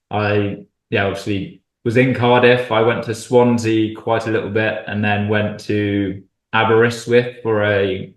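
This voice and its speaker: Young man from Cornwall in an echoey room. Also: lowish voice. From Cornwall, England. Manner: easygoing and chatty, with friendly humor. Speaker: guest. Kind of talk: casual conversation.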